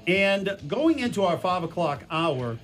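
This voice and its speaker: A man's voice: high-pitched, big pitch swings, unhurried, a bit bright, soft background music. A man from Louisiana hosting a casual talk radio show, rambling with frequent restarts. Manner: rambling, many restarts and fillers. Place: radio studio.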